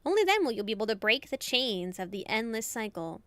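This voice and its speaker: A woman voicing a smug, mystical woman fortune teller in a put-on Southern drawl, talking slowly and condescendingly. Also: a little high, big pitch swings, a bit bright, dry recording. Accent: put-on American Southern. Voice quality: slow southern twang.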